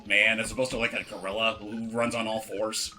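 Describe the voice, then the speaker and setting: A man's voice: lowish voice, level tone, brisk, sharp tone, soft background music. A man in casual group game commentary, explaining game mechanics and swearing casually. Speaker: let's play commentator.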